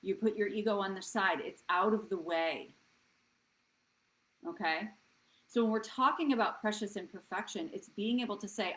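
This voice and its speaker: A woman's voice: medium pitch, normal speed, fairly bright tone, poor audio. A woman in her thirties hosting a live wellness show, talking earnestly to viewers in a coaching way and often checking in with "right?". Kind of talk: live-stream talk to viewers.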